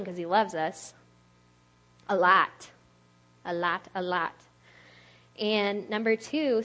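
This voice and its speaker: Chatty woman giving a casual sermon. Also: medium pitch. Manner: chatty, laughs often, uses "like" a lot. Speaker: speaker at a church youth talk.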